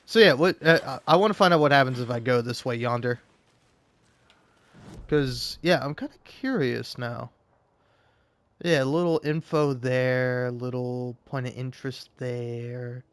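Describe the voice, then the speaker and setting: A man's voice: medium pitch, a little slow, fairly bright tone, clear, resonant tone, no room sound. A man rambling casually from home while playing a game, swearing and laughing often. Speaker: let's play host. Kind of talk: casual gaming commentary.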